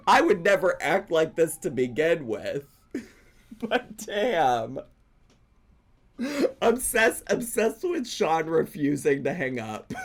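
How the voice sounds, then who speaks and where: A man commenting slowly on a clip he is reacting to, his voice rising and falling widely. He mocks what he hears and breaks into laughter often. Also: a little high, very animated. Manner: mocking, laughs often between remarks. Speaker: reaction video host.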